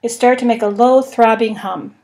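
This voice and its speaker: A woman narrating a comic science fiction novel in a measured, wry storytelling manner. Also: on the high side, steady tone, warm tone. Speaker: podcast narrator. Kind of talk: audiobook reading.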